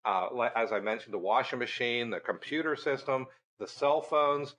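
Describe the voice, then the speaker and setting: A middle-aged man and guest on a podcast, telling a story in a lively way and acting out the dialogue. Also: medium pitch, moderate pace, low-quality recording. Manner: animated storyteller, acting out quoted dialogue with laughs. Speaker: research center director, guest.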